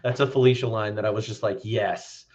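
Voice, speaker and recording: A man's voice: on the low side, steady tone, rapid-fire, a little mellow, dull audio. A man co-hosting a podcast, chatting casually about a film in a loose, rambling way and swearing freely. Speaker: podcast co-host.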